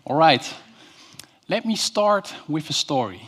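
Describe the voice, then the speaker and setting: A man's voice: on the high side, sing-song, slow, fairly bright tone, husky. A man gives a keynote presentation in a university lecture hall, telling stories and putting questions to the audience. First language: Dutch. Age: 30s. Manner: storytelling, engaging the audience with questions. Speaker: keynote speaker.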